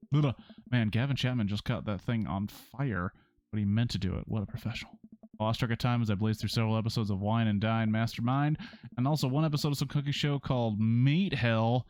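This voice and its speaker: A man's voice: lowish voice, darkish tone. A man streaming a story game, reading its text aloud in a casual way with sarcastic asides and free swearing. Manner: sarcastic, swears freely, breaks into rants.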